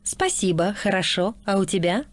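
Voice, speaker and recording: A woman reading a scripted textbook dialogue with a bright, sing-song delivery. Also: medium pitch, lively intonation, moderate pace, no echo, natural voice. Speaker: dialogue speaker in lesson audio.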